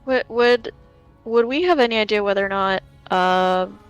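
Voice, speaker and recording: A woman's voice: mid-range voice, normal speed, clear, resonant tone, dull audio, faint music behind. A woman player in a casual tabletop game, talking in a hesitant way with many restarts.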